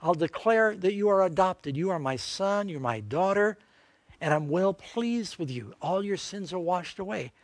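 A man's voice: high-pitched, lively intonation, normal speed, dry recording. An older man preaching a sermon as an evangelist, emphatic and full of rhetorical questions.

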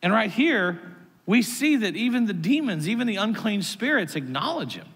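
Animated pastor preaching in a reverberant hall. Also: male voice, moderate pace, slightly rough. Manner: animated storytelling with sudden jumps in pitch. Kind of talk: sermon. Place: church sanctuary. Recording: long reverb of a large hall.

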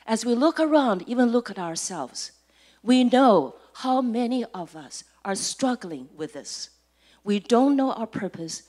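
Slow, deliberate woman preaching. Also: medium pitch, darkish tone. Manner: slow and deliberate, with emphatic repeated words; phrase ends fading to near whisper. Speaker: church speaker. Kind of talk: sermon. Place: church service.

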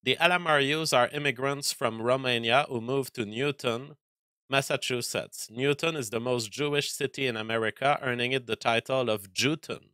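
Male show host doing commentary. Forceful, bright tone, dry recording, deliberate and halting. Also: mid-range voice, clean tone, no room sound. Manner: deliberate, hesitant, many fillers.

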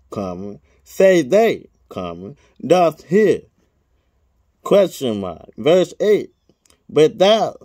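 Man, slightly high voice, reading scripture aloud at a slow pace, speaking the punctuation; casual asides. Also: a little mellow, dry recording, clean studio sound. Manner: reads each punctuation mark aloud, adds casual asides. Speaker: scripture reader.

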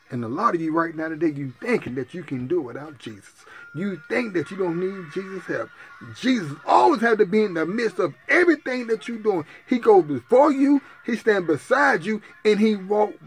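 A man's voice: high-pitched, breathy edge. A male preacher, praying fervently and calling out to his sisters and brothers in a sermon. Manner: fervent preaching, repetitive cries to Jesus; addresses listeners as sisters and brothers. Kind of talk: sermon and spoken prayer.

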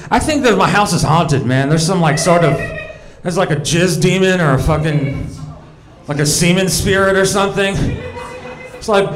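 A man's voice: sits high, animated, normal speed, slight background noise. A young man doing a crude, rambling stand-up set on a comedy club stage, talking to the crowd.

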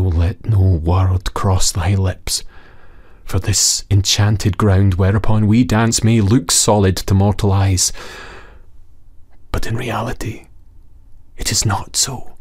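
A man voicing a small, sorrowful grizzled old goblin who pleads in a hushed voice and often whispers. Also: fairly low pitch, husky.

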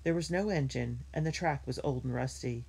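A woman reads a children's chapter book aloud in a measured, gentle storytelling manner. Her voice is very low and husky, with a gravelly grain. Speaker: reader.

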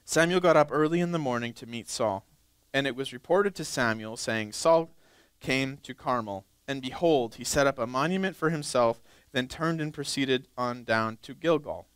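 A young male pastor preaching a sermon, reading scripture slowly and acting out pleading churchgoers in a higher voice. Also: a bit bright, smooth, dry recording. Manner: reads scripture slowly, then acts out pleading churchgoers in a high voice.

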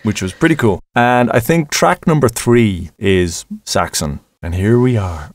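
A man co-hosting a podcast about albums, chatting casually and excitedly, with the odd swear word. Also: lowish voice, measured pace, no echo, clean studio sound. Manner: enthusiastic, swears casually, acts out quotes. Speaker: podcast co-host. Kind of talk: casual chat.

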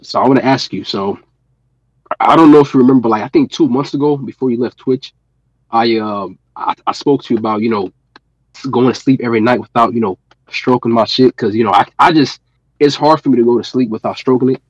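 Male caller, quick and husky, stumbling through fillers, over a dull dry call line. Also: medium pitch, no room sound. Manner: rambling with many fillers and restarts. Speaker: caller on a live stream. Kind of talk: casual comedic call-in. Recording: muffled dry call audio.

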